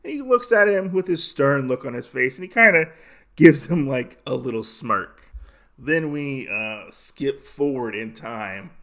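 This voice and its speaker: A man's voice: mid-range voice, expressive, measured pace, a bit bright. A young adult man hosting a podcast, casually recapping a comic with lots of fillers. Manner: rambling, many fillers. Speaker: podcast host.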